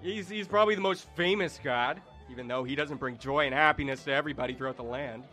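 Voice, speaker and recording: A man's voice: medium pitch, fast talker, sharp tone, soft background music, close to an everyday voice. A man voicing a smug, showy male god of bliss who brags and dodges questions. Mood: boastful. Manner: boastful, breezy, dodging questions.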